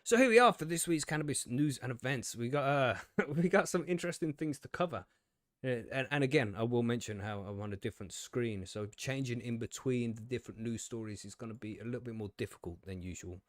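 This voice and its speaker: A man's voice: medium pitch, a little fast, no room sound. A man hosting a live stream, chatting casually, rambling and poking fun at himself, with frequent swearing and easy laughter. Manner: rambling and self-deprecating, swears often, laughs easily. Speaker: podcast host.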